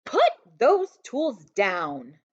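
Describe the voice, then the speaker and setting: A woman's voice: a little high, wildly swooping pitch, very slow, pitched above the performer's own voice, heavily acted. A woman doing a stern, scolding storybook mother. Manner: loud, sharp commands. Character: stern exasperated mother scolding her daughter. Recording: dull lo-fi recording.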